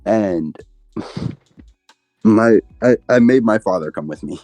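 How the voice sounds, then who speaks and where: A man co-hosting a casual chat, telling a story in a hesitant, deadpan way. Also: fairly low pitch, slow pace, faint music behind. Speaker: co-host.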